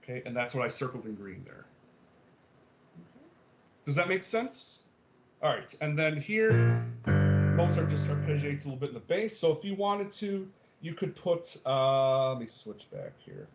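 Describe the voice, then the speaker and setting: A man's voice: a little high, very animated, moderate pace. A male music theory teacher giving an online class lecture, explaining step by step with many okays and ums and checking that students follow. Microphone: video call. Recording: dull lo-fi video-call audio.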